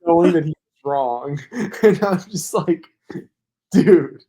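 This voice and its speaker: A man's voice: a little high, animated, unhurried, dark tone. A man co-hosting a podcast, telling a long casual story that rambles, full of "like" fillers. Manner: rambling, heavy use of "like", laughs while telling. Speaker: podcast co-host.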